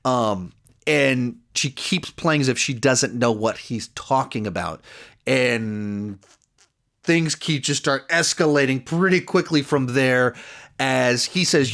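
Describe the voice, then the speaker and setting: A TV series reviewer, a man, gives a casual spoken take on an episode, rambling through the plot with plenty of "like" and "you know" and acting out the characters' lines. His voice is medium-pitched and a bit bright, and he takes it slowly.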